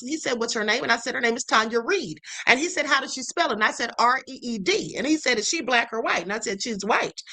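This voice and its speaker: A woman's voice: high voice, bright, forceful tone, poor audio. A woman hosting a livestream, commenting on viral clips with emphatic asides to her viewers. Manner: emphatic, keeps asking the audience to pay attention. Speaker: livestream host.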